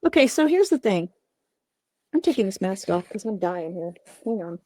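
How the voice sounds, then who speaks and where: A woman's voice: mid-range voice, big pitch swings, normal speed, dark tone. A woman puppet maker talking casually through her work on a livestream, outdoors, apologizing often. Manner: chatty, self-apologetic.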